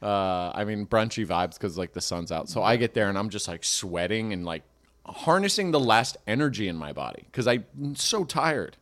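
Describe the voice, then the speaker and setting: A man's voice: on the low side, animated, moderate pace, fairly bright tone. A young man, a comedian and podcast host, telling a rambling, self-mocking story in casual chat.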